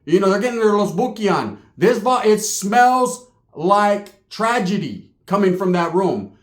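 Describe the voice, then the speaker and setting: A man's voice: high voice, animated, measured pace, roomy sound. A man telling a comedic story in a casual, profane, streetwise way, peppered with slang.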